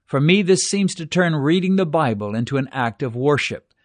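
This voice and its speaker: Older guy preaching a bible devotional, calm and earnest, dry close mic. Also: on the high side, no room sound. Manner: measured, earnest Bible exposition. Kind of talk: recorded devotional teaching.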